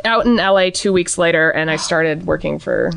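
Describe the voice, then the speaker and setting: A young woman telling a story in a casual chat, acting out other people's lines in a higher voice. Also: normal speed, gravelly, slight background noise. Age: young adult. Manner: animated, acts out quotes in a higher voice. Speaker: guest.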